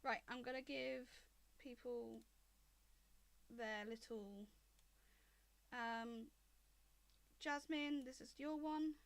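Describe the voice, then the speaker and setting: A woman narrating as game master of a tabletop game in a relaxed, chatty way. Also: fairly high pitch, slow pace, vocal fry, long pauses.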